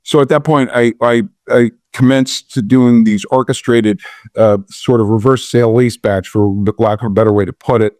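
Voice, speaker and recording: A man's voice: medium pitch, normal speed, dry recording. Middle-aged male guest, conversational storyteller, plays out the dialogue himself, dry studio sound. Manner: animated storyteller, acts out dialogue with a raised voice, many restarts. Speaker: podcast guest, real estate investor. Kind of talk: storytelling in a podcast interview.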